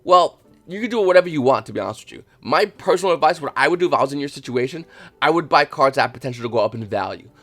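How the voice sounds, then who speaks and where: Fast-talking man rambling to his viewers. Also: fairly high pitch. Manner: rambling, with many restarts and fillers; emphatic and animated, acts out little dialogues. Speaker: channel host. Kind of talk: casual advice monologue to viewers.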